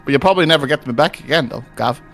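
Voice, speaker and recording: A man's voice: mid-range voice, expressive, racing, a bit bright, soft background music. A man voicing a cheeky, chummy male kobold lord who keeps calling the player governor.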